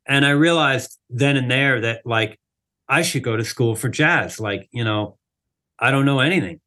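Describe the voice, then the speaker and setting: On an interview, a drummer with a medium-pitched voice speaks at a normal clip. He spins an easygoing tale stuffed with "like" and "you know," bringing quoted people to life with animated impressions.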